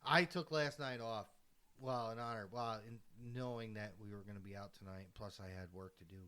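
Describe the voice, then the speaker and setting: Man, podcast co-host, casual chat, excitable, swears, tired. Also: on the low side, clear, resonant tone. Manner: excitable, swears freely, quick to laugh. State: tired, yawning.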